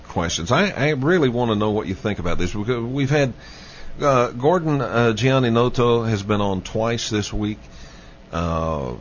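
A man hosting a late-night call-in radio show, speaking deliberately and repeating his questions to listeners. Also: mid-range voice. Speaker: radio talk show host. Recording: muffled lo-fi radio broadcast with faint hiss.

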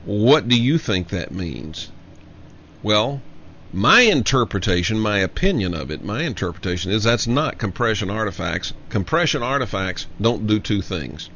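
A man hosting a show, giving an emphatic solo commentary and slowly repeating his key lines for effect. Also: fairly low pitch, expressive, fairly bright tone, a little hiss or hum. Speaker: show host. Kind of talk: monologue commentary. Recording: dull lo-fi audio.

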